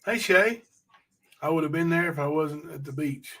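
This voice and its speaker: A man's voice: a little high, normal speed, bright, forceful tone. Chatty man hosting a livestream. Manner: chatty, rambling, addresses chat directly. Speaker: livestream host. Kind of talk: casual livestream chat reading viewer comments.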